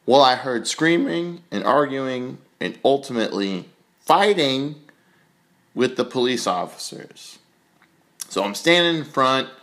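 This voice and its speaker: A young man spinning a long, loose anecdote on his podcast. He rambles with plenty of fillers and pokes fun at himself. His voice sits at an ordinary middle pitch. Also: lively intonation, a little slow, fairly bright tone. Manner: rambling, self-mocking storyteller with many fillers. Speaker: podcast host. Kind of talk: casual storytelling.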